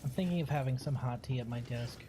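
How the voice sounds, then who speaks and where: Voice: medium pitch, fast talker, background noise. A streamer giving casual, joking commentary while playing, chatting along and talking to a pet.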